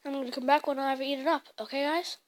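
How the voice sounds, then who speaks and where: A woman giving casual gameplay commentary in an excitable way, blurting out mild swears as she plays. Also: high voice, fast talker, a little hiss or hum. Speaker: gaming channel host. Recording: loud game music over the voice.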